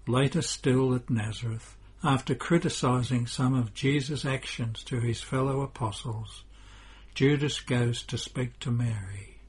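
A man reads a devotional story aloud in a measured narrating manner. His voice is deeply husky and breathy, and he takes his time over every phrase. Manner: slow, measured reading.

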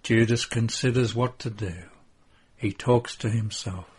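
Brief: solemn male narrator for a devotional story, unhurried and slightly husky. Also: lowish voice, steady tone. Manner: solemn, measured reading.

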